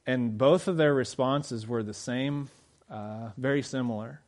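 A man delivering a sermon in a plain, conversational way, with a voice of ordinary pitch for a man. He presses his points with direct rhetorical questions to the listeners. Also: a little slow, a little mellow. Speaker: pastor.

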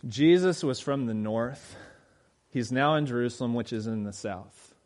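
A man preaching a sermon in a conversational way, with quick laughs and loud emphatic peaks. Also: mid-range voice. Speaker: pastor.

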